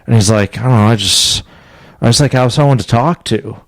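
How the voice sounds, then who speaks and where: A young man co-hosting a podcast, telling a long rambling story in casual chat, breaking into laughs and high squeaky voices for the people he quotes. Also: fairly quick, no echo. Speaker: podcast co-host.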